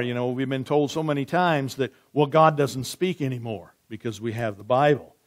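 A man preaching a sermon as pastor, reading scripture slowly and softly, then asking his congregation questions and answering back in a conversational way. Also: mid-range voice.

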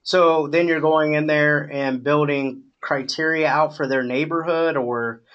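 Relaxed man coaching a sales agent. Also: a little high, measured pace, dull audio. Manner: relaxed, encouraging, filler-heavy. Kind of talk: coaching call.

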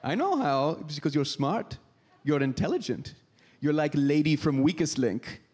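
A man's voice: mid-range voice, slow, slight background noise. A man on a comedy stage doing an impression of a bubbly foreign woman coworker in broken English with a made-up, unplaceable accent. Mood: flustered. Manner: gushing, filler-heavy, excitable. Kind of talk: stand-up impression.

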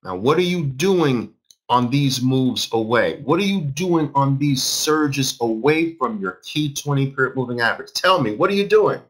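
A man's voice: mid-range voice, expressive, normal speed, breathy edge. A man in his fifties teaching a live trading class, emphatic, repeating phrases and quizzing his audience. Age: 50s. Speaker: trading instructor.

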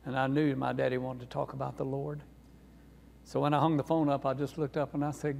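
Sex: man. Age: 60s. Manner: folksy sermon testimony, gravelly, church hall echo. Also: medium pitch, flat delivery, fairly quick, slight background noise. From North Carolina. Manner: folksy, earnest, warm storyteller. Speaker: guest preacher. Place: church sanctuary. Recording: reverberant church sanctuary.

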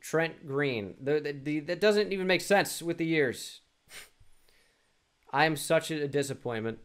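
A young gaming YouTuber takes it slowly, his higher-pitched voice clear and resonant. Playing a sports quiz, he thinks aloud in casual self-talk, muttering, restarting and making fun of himself.

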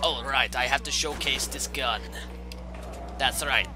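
A man hosting casual gameplay commentary at home late at night, excitable, goofy and full of jokes. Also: medium pitch, a little slow, over music, rough recording. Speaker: gaming host. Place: home gaming setup at night.

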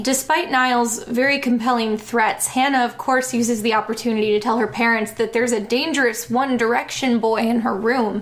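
A young woman hosting a comedic reading of fan fiction, with deadpan, sarcastic asides. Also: fairly high pitch, normal speed, few pauses.

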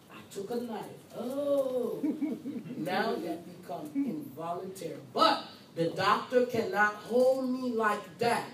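A woman's voice: medium pitch, slight background noise. A woman nursing instructor lecturing a class, speaking emphatically and repeating key points while acting as the patient in the first person. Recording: roomy, far from mic, faint ambience.

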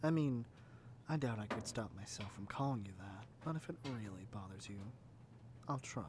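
A man voicing a doting, possessive male yandere captor in a whispered role-play, talking softly and sweetly, often in a whisper. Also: on the low side, expressive, moderate pace, noisy background, natural voice. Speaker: ASMR roleplay performer.

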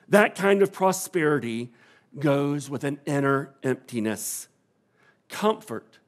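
Slow-preaching pastor, hushed to booming. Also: male voice, expressive. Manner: preaching with sweeping swings from hushed to loud. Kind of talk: sermon. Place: church sanctuary.

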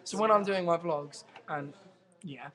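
A young man chatting in a casual vlog, his delivery flat and plain while friends tease him. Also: on the high side, measured pace, over a noisy crowd. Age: young adult. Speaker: vlogger. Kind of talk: casual group vlog chat. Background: friends chattering and laughing.

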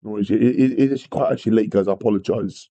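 A man's voice: lowish voice, rapid-fire, warm tone, muffled recording. A man teaching a live maths revision lesson, greeting viewers and apologising often as he works through problems. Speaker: maths tutor.

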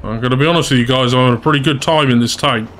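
A man's voice: medium pitch, very fast, a bit bright, a little hiss or hum. Chatty man commentating gameplay. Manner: chatty, self-deprecating, talks to viewers. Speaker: gaming channel host.

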